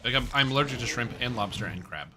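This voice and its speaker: A man's voice: mid-range voice, animated, fast talker, over music. A young man streaming a game, chatting casually and rambling as he jokes and answers chat. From Canada.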